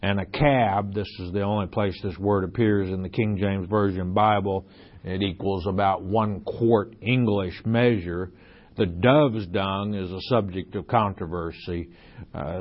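A man giving a Bible lecture, reading verses aloud and explaining them in deliberate asides. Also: sits low. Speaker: Bible teacher. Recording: dull lo-fi recording.

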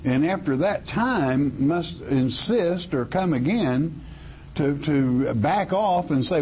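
A man with a husky, slightly breathy voice preaches a sermon, folksy and emphatic, often stumbling and repeating words as he restarts. The recording sounds dull and lo-fi, with the top end rolled off. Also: on the high side, animated, slow pace.

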